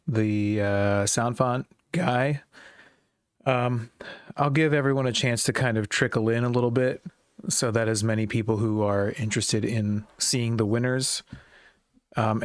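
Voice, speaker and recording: A man's voice: mid-range voice, fairly even intonation, a little slow, dry recording. Hesitant male livestream host, dry sound. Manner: hesitant, many ums, self-conscious. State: nervous, dry mouth. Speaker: livestream host announcing contest winners. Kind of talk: casual livestream chat.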